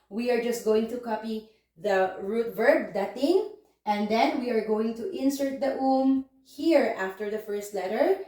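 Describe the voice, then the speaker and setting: A woman language teacher giving an online lesson, explaining patiently step by step and repeating words slowly. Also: a little high, dark tone. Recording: very echoey room.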